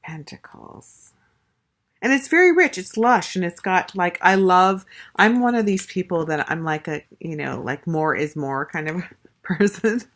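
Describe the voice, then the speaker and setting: A woman's voice: on the low side, expressive, measured pace, a bit bright. A woman casually reviewing a tarot deck, gushing and chatty, with lots of fillers and restarts. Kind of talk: casual show-and-tell review.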